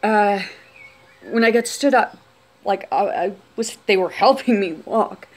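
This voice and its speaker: Woman, personal story vlog, halting delivery, subdued and quiet, mid pitch. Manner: halting, with many restarts and trailing phrases. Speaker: vlogger telling a personal story. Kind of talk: unscripted personal testimony.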